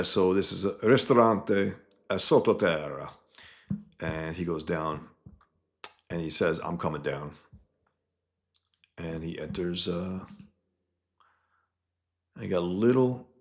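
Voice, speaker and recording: A cartoonist talking casually to viewers about pages of his own comic, rambling with many restarts and asides. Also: sits low. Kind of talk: casual talk to viewers while showing pages.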